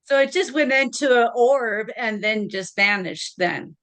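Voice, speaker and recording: A woman's voice: a little high, measured pace, fairly bright tone. A woman hosting an interview, asking brief follow-up questions. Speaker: host.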